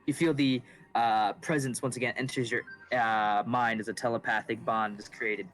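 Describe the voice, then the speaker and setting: A man narrating as game master of a tabletop game, casual and halting, with many fillers. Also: mid-range voice, steady tone, a bit bright, rough recording.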